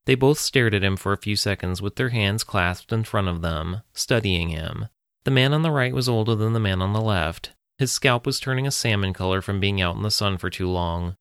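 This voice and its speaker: A man reading a story aloud as narrator, in a steady, even manner. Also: on the low side, dry recording, studio quality.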